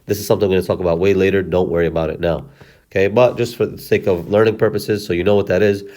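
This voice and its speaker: A man teaching reading step by step, sounding out words syllable by syllable and repeating them slowly, with apologetic self-corrections. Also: sits low, steady tone, a little mellow.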